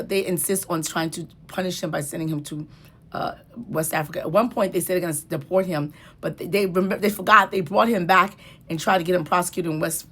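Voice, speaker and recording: Low-pitched woman legal commentator, chatty and emphatic, casual explainer. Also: fairly bright tone, slightly rough. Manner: conversational, grows heated and emphatic.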